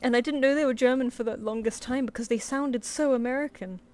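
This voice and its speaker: A woman's voice: on the high side, quick pace, darkish tone, faint music behind. A woman chatting casually as she draws on a live stream, rambling and muttering to herself between thoughts. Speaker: artist livestreamer. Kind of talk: casual chat while drawing. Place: home room.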